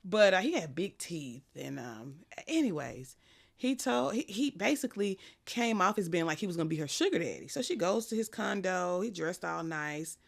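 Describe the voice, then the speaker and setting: A woman guest in casual chat, telling stories in an animated, profane way. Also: fairly low pitch, normal speed, creaky.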